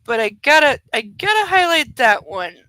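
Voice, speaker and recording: A woman riffs sarcastically through a live-streamed book club, swearing casually as she goes. Her voice sits a little high and sounds bright and sharp. The sound is dry and close, with no room echo. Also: big pitch swings, moderate pace. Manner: sarcastic, profane and chatty.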